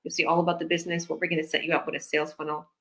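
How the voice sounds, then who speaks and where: A woman's voice: sits low, flat delivery, rapid-fire, fairly bright tone. A woman business coach from Canada chatting casually on a live video call, rambling and acting out conversations. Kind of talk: casual live-stream chat.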